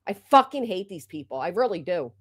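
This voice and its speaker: A woman's voice: fairly low pitch, big pitch swings, brisk, no echo, clean studio sound. A woman hosting a livestream, delivering an upset and indignant rant full of profanity. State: upset and agitated. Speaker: livestream host.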